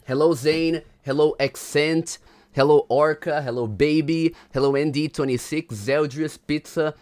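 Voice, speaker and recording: A man's voice: fairly high pitch, steady tone, measured pace, a little mellow. A man hosting a casual livestream, chatting to viewers, greeting them by name and hyping up the stream. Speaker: livestream host.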